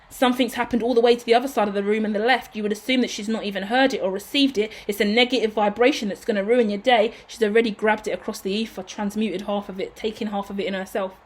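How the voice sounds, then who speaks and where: A woman's voice: medium pitch, fairly even intonation, fast talker. Emotional, effusive woman tarot reader. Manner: emotional, effusive, swears casually. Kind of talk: casual tarot reading monologue.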